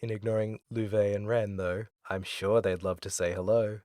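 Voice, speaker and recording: A man doing a deep, smug scheming villain. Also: flat delivery, darkish tone, no room sound, studio quality, close to an everyday voice. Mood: mocking. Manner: deep, throaty, slow and smug. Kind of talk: reading a game message aloud in character.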